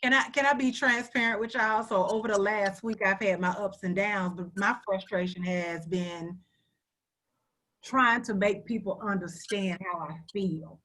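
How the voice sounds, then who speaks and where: A woman's voice: mid-range voice, fairly even intonation, a little slow, rough recording. A woman hosting a radio panel discussion, speaking directly and moving the talk between guests. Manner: warm-hearted, direct, passes the mic around. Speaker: radio host.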